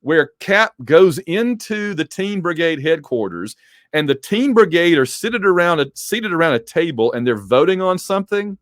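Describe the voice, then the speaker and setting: A man casually reviewing a comic book issue, animated and digressive, with joking asides. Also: on the high side, moderate pace, no room sound, clean studio sound. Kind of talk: casual commentary.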